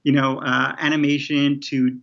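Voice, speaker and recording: A man's voice: medium pitch, little pitch movement, normal speed, vocal fry, fairly bright tone, muffled recording. A man being interviewed as a TV showrunner, talking casually with many restarts and fillers. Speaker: TV showrunner guest.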